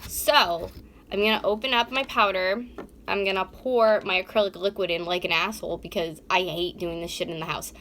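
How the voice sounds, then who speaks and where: A woman's voice: medium pitch, steady tone, normal speed, fairly bright tone, a little hiss or hum. A woman in her twenties from North America, rambling bluntly and swearing through a casual live-stream nail tutorial in her bedroom, filmed on a propped-up phone. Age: 20s. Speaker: beauty vlogger. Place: her warm bedroom at a vanity. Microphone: phone camera propped up close.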